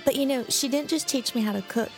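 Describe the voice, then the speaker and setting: A woman co-hosting a food podcast, telling stories in a lively, casual way. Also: high voice, fast, over music. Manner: storytelling, animated. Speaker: podcast co-host, magazine editor.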